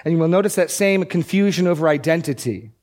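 A male preacher giving a sermon, reading scripture aloud with slow emphasis and explaining it in a conversational way, often repeating words as he restarts. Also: fairly high pitch, expressive, a little mellow.

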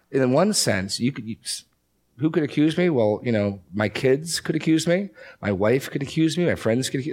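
A man teaching a Bible class in a conversational, emphatic way with quick asides. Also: medium pitch. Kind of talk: teaching talk.

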